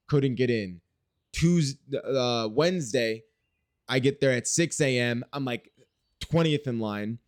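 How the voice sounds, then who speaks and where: Man, from Wisconsin, casual video diary, rambling, swears, medium pitch, dry sound. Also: darkish tone, clear, resonant tone, no room sound. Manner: rambling, profane, candid. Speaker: video diarist.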